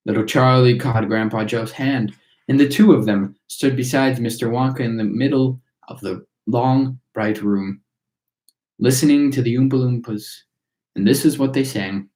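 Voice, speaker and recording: A man reading a children's book aloud for storytime, in steady, measured narration. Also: medium pitch. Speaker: storytime reader. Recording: roomy echo.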